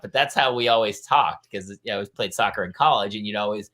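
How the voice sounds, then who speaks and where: A middle-aged man hosting a casual panel chat, telling stories and jumping into loud, high voices when he quotes people. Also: a little fast, few pauses. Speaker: host.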